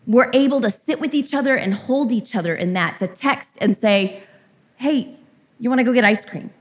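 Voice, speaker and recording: A woman's voice: fairly high pitch, moderate pace. Woman preaching a candid, casual sermon. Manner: candid and conversational, lightly irreverent. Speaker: pastor.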